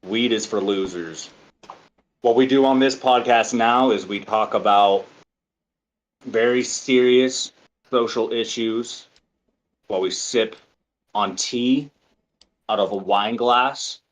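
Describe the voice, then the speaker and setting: A man's voice: mid-range voice, slow, pauses often, close to an everyday voice, rough recording. A man putting on the voice of a smug male podcast host, announcing in a mock-grand, pompous way as a joke. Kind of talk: joking put-on show-host voice.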